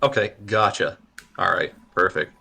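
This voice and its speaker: A man's voice: sits low, unhurried, creaky, bright, forceful tone, slightly rough. A man playing a tabletop game, chatty and agreeable in casual talk. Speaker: player.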